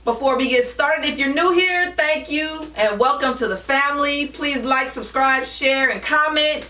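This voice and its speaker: A woman's voice: sits high, moderate pace, sharp tone. A woman co-hosting a couple's vlog, chatting casually, defending herself playfully and laughing things off. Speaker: co-host of a couple's channel. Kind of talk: casual chat. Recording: echoey room, mic at a distance.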